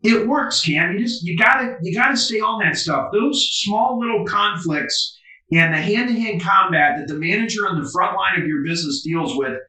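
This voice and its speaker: Man, business coach guest, emphatic, animated, fairly high voice, echoey room. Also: moderate pace. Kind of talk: interview over video call. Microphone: video call. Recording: roomy, distant video call audio.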